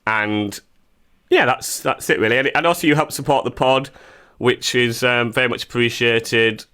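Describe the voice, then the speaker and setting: A man co-hosts a comedy podcast in a bright, sharp voice. He jokes about himself in a playful, loose way. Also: mid-range voice, moderate pace, clean tone. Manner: self-mocking, playful. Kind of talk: casual comedy chat.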